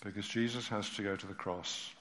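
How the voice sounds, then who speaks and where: A man preaching a sermon, reading a story aloud and explaining scripture, expressive and dropping his voice low at tender moments. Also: brisk, a little hiss or hum. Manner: expressive, dropping to near-whispers at moving moments. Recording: reverberant hall.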